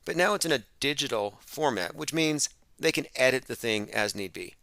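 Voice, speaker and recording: Bright, sarcastic male radio host. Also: medium pitch, animated, moderate pace, vocal fry, dry recording. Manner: emphatic, sarcastic. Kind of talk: open-phones radio monologue.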